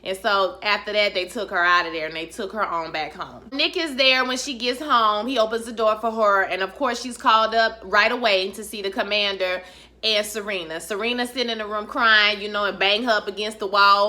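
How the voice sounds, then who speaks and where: A woman casually recapping a TV episode in a chatty, animated, profane way, calling viewers honey and child. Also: medium pitch, brisk. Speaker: vlogger recapping a TV series.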